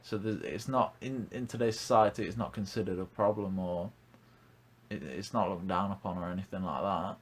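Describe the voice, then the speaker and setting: A man's voice: low voice, moderate pace, slightly rough. A young man hosting a casual podcast, blunt and ranting, swearing freely. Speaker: podcast host.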